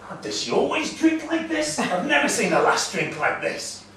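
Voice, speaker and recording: A man voicing a boisterous male ice giant groom, eager and booming, in a castle great hall. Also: very animated, moderate pace, fairly bright tone, slight background noise, exaggerated voice. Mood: puzzled. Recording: echoey hall from far off.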